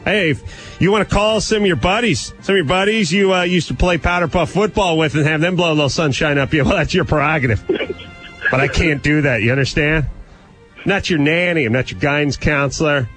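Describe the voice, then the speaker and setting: A swaggering, self-important radio advice host, as a man puts him on, blunt and boastful, reeling off long repetitive lists of what he is not. His voice sits a touch high for a man, with faint music playing behind. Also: a little fast, fairly bright tone, close to an everyday voice. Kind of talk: comedy character bit with callers.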